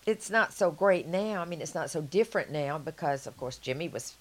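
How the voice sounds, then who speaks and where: A woman's voice: deep voice, expressive, a little fast. An older woman with a Southern US accent, chatting frankly and laughing easily in an oral-history interview.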